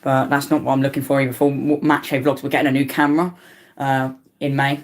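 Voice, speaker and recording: A tired young man in his late teens, giving rambling, stumbling live commentary on a football match as a fan, his voice jumping up in pitch whenever a team attacks. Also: fast talker. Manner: excitable play-by-play that jumps up in pitch on attacks.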